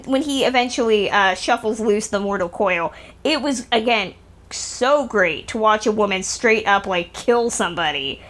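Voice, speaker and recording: A woman's voice: fairly high pitch, fairly bright tone. A woman co-hosting a film podcast, chatting in an enthusiastic, casual way. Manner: chatty, enthusiastic, some fillers. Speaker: podcast co-host. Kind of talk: casual film review chat.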